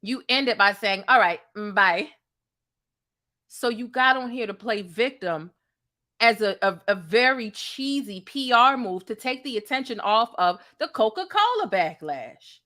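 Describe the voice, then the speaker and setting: A woman's voice: fairly high pitch, animated, measured pace, sharp tone. A woman hosting a reaction commentary, sassy and incredulous, talking straight to the viewer. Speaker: commentary host.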